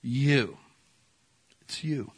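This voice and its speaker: A middle-aged man preaching a sermon in church, talking in a conversational way that swings from loud to soft. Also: medium pitch, extremely slow, husky. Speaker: pastor.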